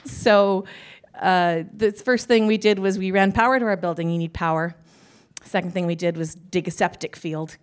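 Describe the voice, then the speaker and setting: A woman panelist at a live conference, talking in a chatty, self-deprecating way and laughing often. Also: mid-range voice. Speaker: panelist, business owner.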